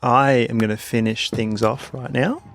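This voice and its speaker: A young man co-hosting a casual sports podcast, speaking in a low-key, wry way. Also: fairly even intonation, moderate pace, fairly bright tone, no room sound. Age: young adult. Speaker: podcast co-host. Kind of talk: casual chat.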